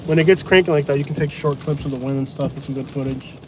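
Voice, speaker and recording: A man vlogging live from inside a truck during a hurricane, talking in a blunt, mocking, excitable way. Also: fairly high pitch, quick pace. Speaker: storm-chasing vlogger. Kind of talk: live storm commentary. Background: rain and wind.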